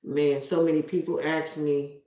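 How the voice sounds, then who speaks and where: A middle-aged woman talks casually on a live stream, emphatic and a little preachy, circling back to repeat her points. Her voice sits slightly low. The room around her rings with echo. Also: level tone, moderate pace, dark tone. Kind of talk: casual live-stream talk, reading viewer comments. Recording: roomy echo.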